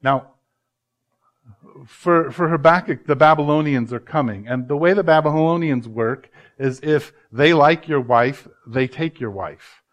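A man, a pastor, preaching a sermon with emphatic swings from loud to hushed and slowing down to stress words. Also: a little high.

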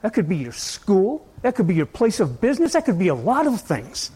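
Guy preaching, kinda high voice, really animated, rambles and keeps asking the room stuff. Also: brisk, breathy edge. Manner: conversational, asks the audience many questions; rambling, swings between loud and soft. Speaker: pastor. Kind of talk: sermon.

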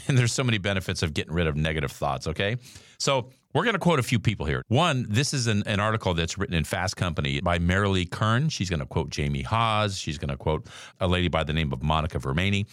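Guy hosting a morning motivation podcast, low voice but really animated, dry close sound, reads quotes and chats around them. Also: fast talker, no echo. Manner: conversational, reads quotes aloud with asides. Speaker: podcast host.

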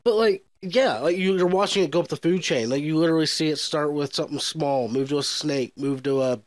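Laid-back podcast man, slightly high voice. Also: brisk, dry recording. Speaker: podcast co-host. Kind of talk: casual movie discussion.

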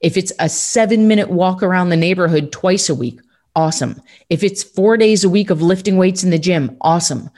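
A woman's voice: lowish voice, a little fast, darkish tone. A woman hosting a motivational podcast, talking in an upbeat, emphatic coaching tone. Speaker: podcast host.

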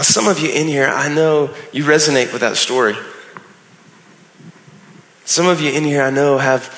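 A man's voice: medium pitch, bright, forceful tone. A man preaching a sermon as a pastor, earnest, with emphatic rising phrases. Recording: echoey hall with long reverb.

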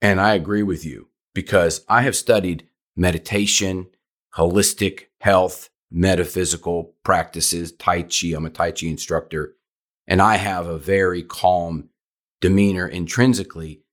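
A man with a somewhat low voice hosts a conversational podcast about dogs. He talks with easy enthusiasm, painting pictures for listeners as an experienced trainer. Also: steady tone, a little slow. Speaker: podcast host and dog trainer. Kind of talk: conversational interview.

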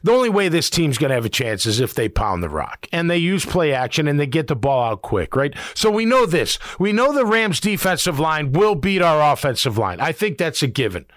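A man's voice: fairly high pitch, very animated, brisk, few pauses, fairly bright tone, dry recording, clean studio sound. A middle-aged man, a former player hosting a sports talk show, giving blunt, emphatic opinions.

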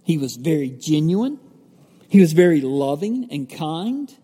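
A pastor giving a sermon, teaching from the Bible in a conversational way, with fillers and self-corrections. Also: male voice, on the high side, very animated, a little slow, dark tone, slightly rough. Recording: echoey hall with long reverb.

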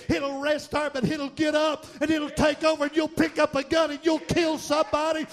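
A man preaching a fiery sermon, shouting and half-singing his repeated lines. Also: very high voice, completely flat delivery, moderate pace, hardly any pauses. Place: church sanctuary.

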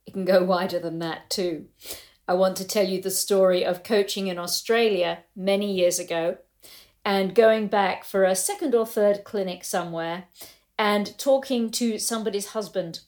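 An older woman who coaches riders gives them a reflective talk, telling stories thoughtfully and voicing quotes with animation. Her voice is mid-range at a normal speed.

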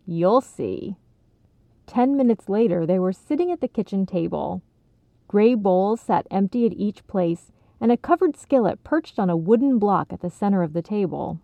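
A woman reading a children's story aloud as narrator, in an expressive, measured way. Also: mid-range voice, creaky, dry recording. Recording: tinny phone-like sound, dry.

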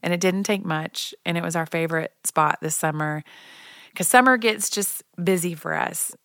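A woman's voice: on the low side, moderate pace, vocal fry, a bit bright, dry recording, studio quality. A woman from Oklahoma telling a chatty, self-deprecating story in a casual monologue, laughing now and then as she talks.

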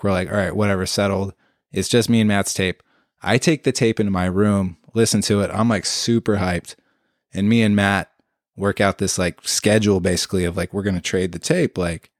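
Man, low voice, casual storytelling, animated, swears, dry close sound. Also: no echo. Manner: animated, swears freely, acts out quotes.

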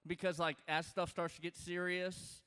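Chatty pastor in a big hall. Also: male voice, high voice, flat delivery, moderate pace, sharp tone, smooth. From Louisiana. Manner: conversational, joking, lots of fillers and restarts. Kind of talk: sermon. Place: large church auditorium. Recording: reverberant hall.

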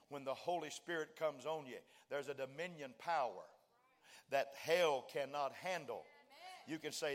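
A man's voice: on the high side, unhurried. A male preacher delivering a sermon, mixing folksy joking asides to the congregation with rising, fervent declarations. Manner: builds to fervent shouting, acts out dialogue.

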